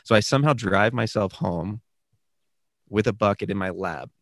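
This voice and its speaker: A young man telling a story in a casual podcast chat, animated and rambling with many fillers. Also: on the low side, normal speed, dry recording, studio quality. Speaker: podcast guest, new father.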